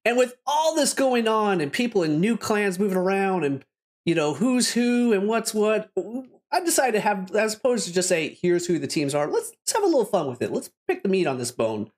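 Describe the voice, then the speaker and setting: Host: man with a slightly high voice, upbeat, rambles, laughs easily. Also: big pitch swings, normal speed. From Canada. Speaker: podcast host. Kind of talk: casual podcast hosting.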